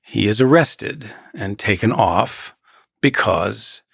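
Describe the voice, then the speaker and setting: A man's voice: lowish voice, animated, slow, vocal fry, fairly bright tone, husky, dry recording, clean studio sound. A man in his sixties, a guest actor in a conversational interview, reflective and given to anecdotes.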